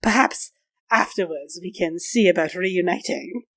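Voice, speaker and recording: A woman voicing a sly, leering male noble with a smooth, insinuating manner in a tabletop game. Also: fairly low pitch, measured pace, fairly bright tone, dry recording, studio quality.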